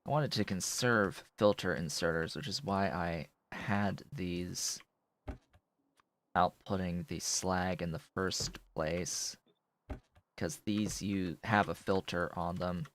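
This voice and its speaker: A man's voice: low voice, takes it slowly, a bit bright, a little hiss or hum. A man streaming a building game, thinking aloud in casual commentary as he works.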